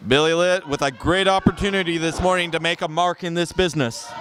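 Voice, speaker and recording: Man, wrestling commentary, high voice, boastful, emphatic. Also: fairly even intonation, fairly quick, noisy background. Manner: boastful, emphatic, talks up the champion.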